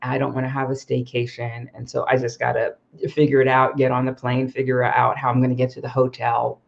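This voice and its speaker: A woman's voice: rumbling low, monotone, fairly quick, creaky. Chatty woman livestreaming, muffled audio. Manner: chatty, with frequent "um" and "uh" and self-corrections. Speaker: livestream host, expat coach. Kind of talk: casual personal storytelling.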